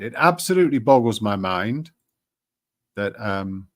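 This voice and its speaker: A man's voice: fairly low pitch, animated, takes it slowly, fairly bright tone. A man hosting a live stream, chatting casually with many ums and restarts. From Britain. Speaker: livestream host.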